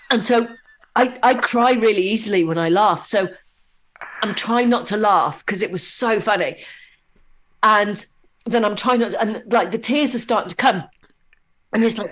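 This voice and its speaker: A woman guest in a casual interview, chatting and telling anecdotes in a lively way. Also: mid-range voice, normal speed, long pauses. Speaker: podcast guest.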